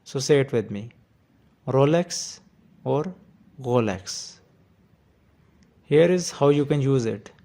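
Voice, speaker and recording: A man hosts a scripted pronunciation lesson, sounding out each word with slow, deliberate care. His voice sits at an ordinary middle pitch with a warm, mellow tone. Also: expressive, gravelly. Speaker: pronunciation teacher.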